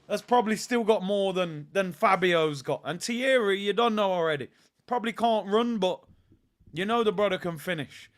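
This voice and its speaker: High-voiced excitable football watch-along host. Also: male voice, moderate pace. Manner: excitable, erupts into shouts at chances; slangy, chats to stream viewers. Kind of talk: live match reaction commentary.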